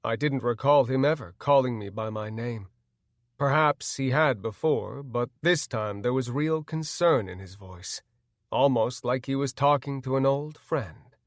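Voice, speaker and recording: A male audiobook narrator reading a first-person fantasy story at a slow, measured pace. His mid-range voice is recorded close and dry, with no room sound. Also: medium pitch, dry recording.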